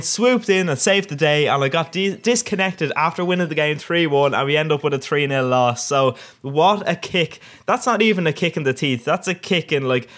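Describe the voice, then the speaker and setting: Cheeky young Irish man. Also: on the high side. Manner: rambling and cheeky, with bursts of excitement. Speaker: gaming commentator. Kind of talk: casual video game commentary.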